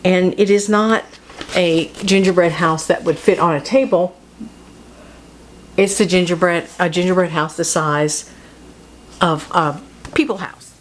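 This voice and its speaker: A woman talks through storybooks in a loose, chatty way. She laughs a lot and often breaks off mid-sentence. Her voice sits a little low, over a faint hiss of background noise. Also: fairly even intonation, unhurried, long pauses. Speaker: host. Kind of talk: casual book talk. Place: home studio.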